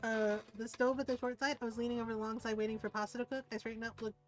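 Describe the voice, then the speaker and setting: A woman's voice: fairly high pitch, flat delivery, racing, soft background music. A woman streamer chatting casually while gaming, laughing often and swearing lightly.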